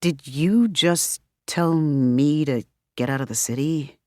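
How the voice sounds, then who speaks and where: A woman's voice: deep voice, slow pace, mellow, no room sound, studio quality. A woman voicing a dazed, confused young man who stammers and speaks hesitantly.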